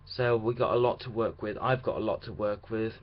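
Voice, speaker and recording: A man's voice: on the low side, fairly even intonation, brisk. A young man talking through a casual video diary about his radio drama rehearsals, chatty and rambling with restarts. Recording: dull lo-fi sound with faint hiss.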